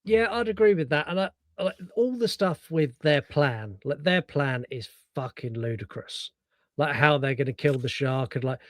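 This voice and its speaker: A man with a fairly high voice chats casually about a film, animated and sweary. He acts out scenes with sudden put-on voices. The sound is dry and close. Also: moderate pace, no echo. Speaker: podcast co-host. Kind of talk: casual film review chat.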